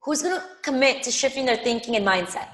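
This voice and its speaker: A woman's voice: sits high, animated, fast, a bit bright, roomy sound. A woman leading a live money coaching session, emphatic, repeating phrases and calling viewers by name. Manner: addresses viewers directly by name.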